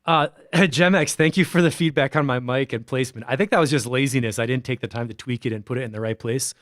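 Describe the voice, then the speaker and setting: A man's voice: medium pitch, fairly even intonation, fast, no echo, clean studio sound. A man hosting a livestream, giving informal feedback on music tracks in a rambling way, now and then scatting rhythms aloud.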